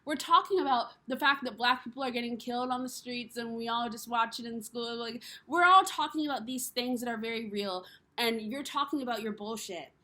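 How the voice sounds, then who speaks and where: Woman, slightly high voice, blunt and frustrated, swearing, repeating lines for emphasis, direct-to-camera vlog rant. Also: a little fast, bright, forceful tone. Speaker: spiritual vlogger.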